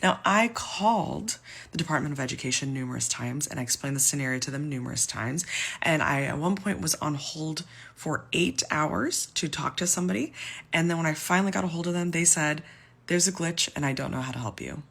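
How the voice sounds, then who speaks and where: A woman's voice: deep voice, brisk, gravelly, fairly bright tone, breathy edge. A young woman in her twenties, talking candidly to camera and venting, exasperated and emphatic, close to tears. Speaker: civil servant venting about debt.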